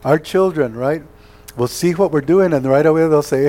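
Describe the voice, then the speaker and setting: Speaking at a moderate pace with a dark tone and a fairly high voice, this pastor delivers an earnest, exhorting sermon. He keeps it conversational, frequently posing rhetorical questions.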